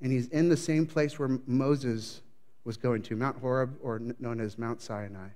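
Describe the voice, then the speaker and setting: A man preaching a sermon with a storyteller's flair. He swings from loud, building phrases to hushed, low lines, with a mid-range voice. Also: fairly even intonation, normal speed. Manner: dramatic storytelling, voicing the prophet's panic; varies loudness widely, building up then dropping low. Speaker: pastor.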